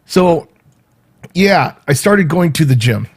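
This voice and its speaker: Husky-voiced man hosting a livestream. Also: fairly high pitch, slow. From United States. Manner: rambling, self-mocking, animated. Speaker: livestream host. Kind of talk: casual livestream chat. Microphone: home livestream mic.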